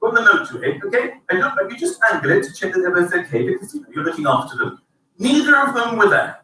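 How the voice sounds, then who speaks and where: A man doing a stand-up routine, acting out voices and shouting punchlines. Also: high voice, very animated, fast, slight background noise. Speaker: stand-up comedian. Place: stage before a live audience. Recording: echoey distant stage recording with loud audience.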